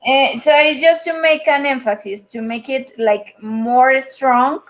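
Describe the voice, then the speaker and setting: A woman with a fairly high voice teaching an online English lesson. She speaks slowly and patiently and often pauses on fillers. The sound is that of a video call. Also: fairly even intonation, rough recording. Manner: patient, explanatory, with frequent fillers.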